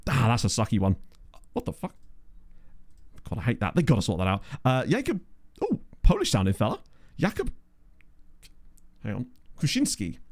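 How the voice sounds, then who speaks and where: A man's voice: mid-range voice, vocal fry, a little mellow. A man hosting a casual let's play, chatting and musing aloud as he plays and reads the live chat, on a USB condenser mic. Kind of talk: casual gameplay commentary.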